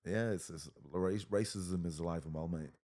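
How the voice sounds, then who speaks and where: A man in his thirties from England, with an English accent, speaks bluntly as a podcast guest in casual conversation. His voice is low and dark, at normal speed, and he swears often and says mate a lot.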